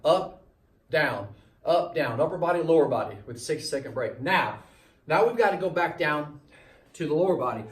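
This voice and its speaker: A man's voice: a little high, lively intonation, normal speed, recorded from a distance. Slightly winded male fitness trainer, echoey room. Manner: coaching, repetitive cues, demonstrating as he talks. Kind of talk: workout instruction while exercising.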